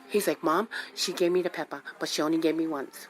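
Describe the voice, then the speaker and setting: A woman's voice: low-pitched, fast talker. A woman hosting a radio talk show, telling a personal story casually and acting out each voice, often repeating herself for emphasis. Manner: animated, acts out quotes, repeats herself for emphasis.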